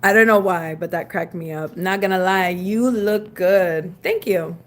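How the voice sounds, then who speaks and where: A woman's voice: lowish voice, measured pace. A woman chatting casually on a live stream at home, answering her viewers and scolding her dog between remarks. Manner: chatty, reads and answers chat. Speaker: livestreamer.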